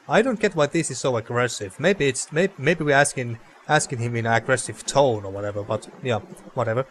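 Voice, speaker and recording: A man's voice: medium pitch, a little fast, a bit bright, a little hiss or hum. A man hosting a let's play, reading game text aloud and chatting casually, often tripping over words and swearing. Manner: stumbling over words, loose and profane.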